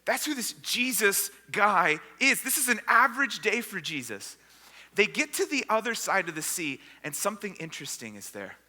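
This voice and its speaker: A man preaching a sermon as pastor, retelling a story with lively acted-out voices for the people in it. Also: high-pitched, moderate pace. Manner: storytelling, acting out the disciples and crowd. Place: church sanctuary. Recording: long hall reverb.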